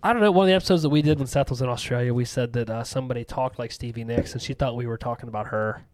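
A man's voice: mid-range voice, dry recording. A man hosting a horror movie podcast, teasing his co-hosts in casual chat. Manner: animated, teasing, quick. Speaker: podcast host.

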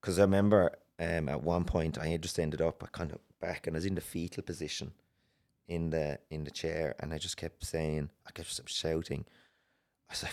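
An Irish man telling a personal story as a podcast guest, earnest and halting, with many restarts. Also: rumbling low, fairly even intonation, darkish tone. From Ireland.

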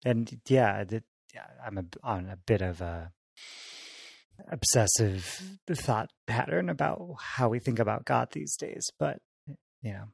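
Gravelly man leading a class. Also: on the low side, no echo, studio quality. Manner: thoughtful, halting, with fillers. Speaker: class leader. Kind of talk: casual class discussion and reading aloud.

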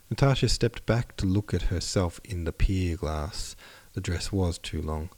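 A man's voice: low-pitched, a little slow, few pauses, a little mellow. A man narrating a classic novel aloud on his podcast, plainly and evenly, stopping to correct his own slips. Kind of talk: audiobook narration.

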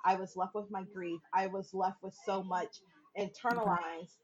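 A woman's voice: mid-range voice, normal speed, muffled recording. A woman, a podcast guest, telling a personal story in casual chat, swearing freely and acting out what others said. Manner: animated, acts out quoted voices, laughs often, swears freely.

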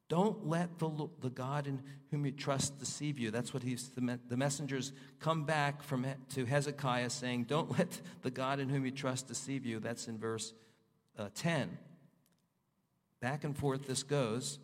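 A male pastor preaching a sermon, reading scripture aloud and voicing prayers with fervor, his pitch rising and falling. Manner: rises and falls in pitch, voices prayers with fervor. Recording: long hall reverb.

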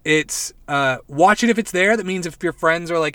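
A young man hosting a casual podcast, excitedly recapping and reviewing a show in a rambling, profane way. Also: fairly high pitch, normal speed, no room sound. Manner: rambling, profane, animated retelling with quoted voices. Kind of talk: casual chat.

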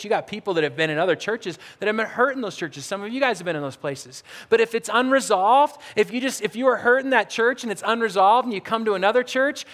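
A middle-aged male pastor preaching a sermon, telling stories with lively swings between loud outbursts and quiet, low asides. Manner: animated storytelling, swings from shouted outbursts to hushed low talk. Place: church hall. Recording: church hall with long reverb.

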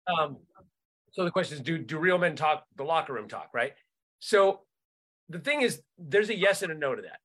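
Man, comedian co-host, talkative, fillers, tense bright tone, casual chat. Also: on the high side, animated, moderate pace. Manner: talkative, reasons aloud with fillers.

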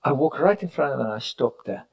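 A man preaching a sermon at a retreat, telling stories, rising to loud cries and dropping to near whispers, sometimes correcting himself mid-sentence. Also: medium pitch, lively intonation, fast talker, vocal fry, low-quality recording. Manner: preaching with sudden rises and hushed drops; storytelling with self-corrections. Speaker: pastor. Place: retreat meeting room.

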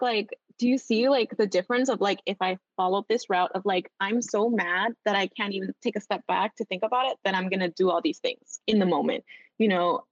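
A woman teacher talking casually as a podcast guest, chatty and full of fillers, lively when she retells her students' words. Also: medium pitch, no room sound, lo-fi sound. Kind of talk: casual interview chat.

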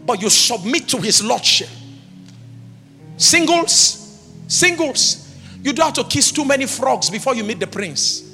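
A man with a high, bright, forceful voice preaches an emphatic sermon, throwing rhetorical questions at the congregation and rising into shouts. His words ring out with a long reverb through a church hall, while faint music plays underneath. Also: very animated, unhurried, pauses often.

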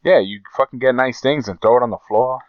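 A man co-hosts a casual podcast with a smooth, resonant voice and tells long, rambling stories full of swearing, acting out each quote in his own voice. The sound is dry and a little dull, with the top end rolled off. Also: medium pitch, quick pace, no echo. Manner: profane, storytelling, acts out quotes. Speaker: podcast co-host.

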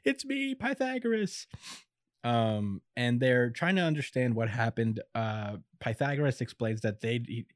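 A man's voice: mid-range voice, no room sound, clean studio sound. A man in casual chat recapping an anime episode, laid-back and chuckly, with lots of fillers.

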